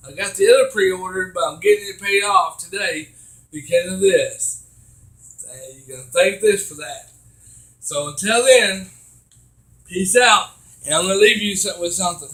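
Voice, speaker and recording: High-voiced rambling man reviewing a game. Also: reverberant, low-quality recording. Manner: rambling, halting with many fillers and restarts; excitable, laughs while retelling scenes.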